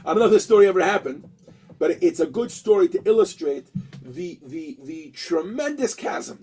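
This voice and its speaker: A man's voice: sits high, darkish tone, rough recording. A man teaching a lesson, telling a story and acting out the characters with many restarts.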